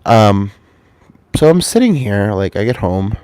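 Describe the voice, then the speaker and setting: A man with a fairly low voice tells a meandering, swear-filled story straight to camera from his home. He is getting over a cold, and his voice sounds dry and close, with no room echo. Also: very animated, measured pace, darkish tone, clear, resonant tone. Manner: rambling, profane, offhand. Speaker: vlogger.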